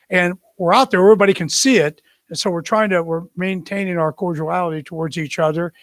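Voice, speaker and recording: An older man, a retired general, telling an animated war story to a company audience, acting out the quotes and often restarting his sentences. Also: high-pitched, dry recording. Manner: animated anecdote with acted quotes, many restarts.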